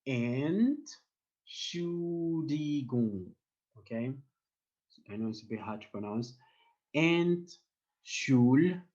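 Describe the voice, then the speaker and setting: A man's voice: fairly low pitch, flat delivery, brisk, long pauses, mellow, breathy edge, muffled recording. A man teaching an online German class, patiently repeating phrases for learners to echo over a computer mic on a video call. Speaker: language teacher.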